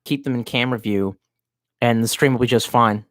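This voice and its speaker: A man's voice: medium pitch, fairly quick, fairly bright tone, no room sound. A man casually chatting on a home livestream, rambling and swearing, with many restarts. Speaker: streamer.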